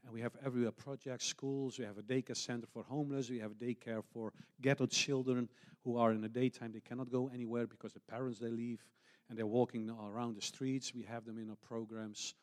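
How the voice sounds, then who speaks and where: A middle-aged man preaching a heartfelt sermon, telling stories in an earnest, unhurried way. His English has non-native phrasing and he often restarts his words. His pitch sits in an ordinary middle range. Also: little pitch movement. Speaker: missionary pastor.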